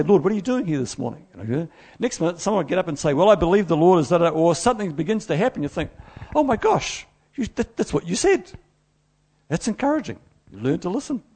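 Gravelly New preacher. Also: male voice, on the high side. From New Zealand. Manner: storytelling, animated, self-deprecating. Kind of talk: sermon.

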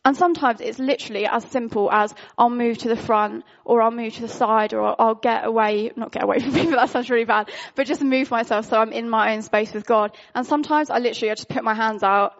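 A woman speaks in an informal, candid sermon, chatty and full of fillers. Her voice sits fairly high with a gravelly fry. The recording sounds dull and lo-fi. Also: steady tone, quick pace, hardly any pauses. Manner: candid, conversational, frequent fillers. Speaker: worship speaker.

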